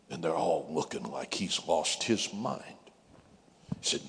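A man's voice: very deep voice, lively intonation, measured pace, gravelly, a bit bright. A man preaching a dramatic sermon, dropping into whispers and singing out scripture lines.

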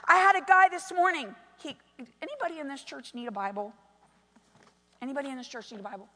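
A middle-aged woman pastor preaching a sermon, moving from soft storytelling to loud, emphatic calls. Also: high-pitched, expressive, quick pace. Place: church sanctuary. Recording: long reverb of a large hall.

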